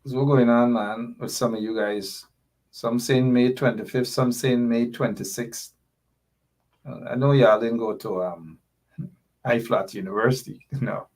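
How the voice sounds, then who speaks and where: A man's voice: medium pitch, measured pace, darkish tone. Impassioned Guyanese man hosting a livestream. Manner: impassioned, reads viewer comments aloud. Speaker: show host. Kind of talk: political commentary livestream.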